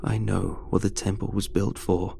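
A man voicing a drowned dead man calling up from deep water, slow, hushed and wet-sounding. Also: flat delivery, creaky, a little hiss or hum. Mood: pleading. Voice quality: wet, gurgling.

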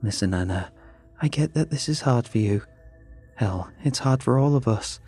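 A man's voice: medium pitch, animated, moderate pace, mellow, slightly rough, faint music behind. A man voicing a stern middle-aged mother who scolds her daughter defensively. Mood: scolding.

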